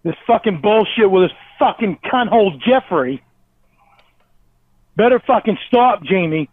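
A man's voice: sits high, expressive, a little slow, no room sound. A jealous, crying man swears nonstop and hurls accusations in a rant over the phone. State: crying, voice cracking. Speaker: angry caller. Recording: tinny phone line.

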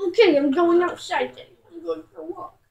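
A very high-voiced player acting as a bratty, grumpy dad in a game role-play, petulant and shouty. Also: brisk. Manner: petulant, shouty, mock-angry.

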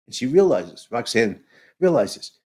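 A man in a podcast conversation, retelling a play emotionally, halting and restarting often. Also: medium pitch, sing-song, a little mellow, slightly rough. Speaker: podcast co-host.

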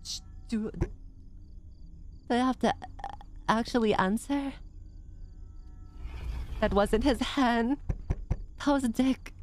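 A woman's voice: a little high, slow pace, pauses often, faint music behind. Jumpy, swearing woman game streamer. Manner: jumpy, gasping, swearing, chatty with chat. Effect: reverb filter. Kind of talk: live gameplay commentary.

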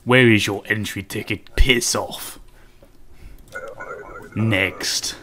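A man voicing a rude male border inspector in a deliberately bad fake Russian accent, talking in broken grammar. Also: fairly low pitch, fairly even intonation, bright, forceful tone, full character voice. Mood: mock-stern. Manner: broken grammar, curt and insulting. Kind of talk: joking game commentary in character.

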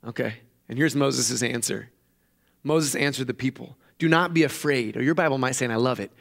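Animated male pastor preaching a sermon. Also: a little fast. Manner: animated storytelling, acting out quoted voices with raised pitch. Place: church.

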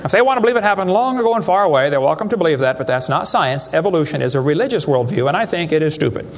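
High-voiced man giving a folksy joking lecture. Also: expressive, very fast. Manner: folksy, joking, rhetorical questions. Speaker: creationist speaker addressing a live audience. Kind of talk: humorous lecture to a live audience. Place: hall with a live audience.

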